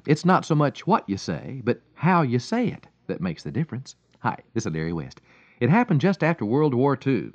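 Animated man telling a radio devotional. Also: medium pitch, dry recording, muffled recording. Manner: storytelling, warm emphatic delivery with lively swings and chuckles.

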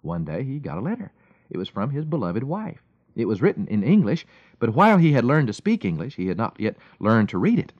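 A man's voice: medium pitch, brisk, husky, no room sound, lo-fi sound. A man giving a scripted radio devotional, telling stories with emphatic, chuckling delivery. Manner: storytelling, warm emphatic delivery with lively swings and chuckles.

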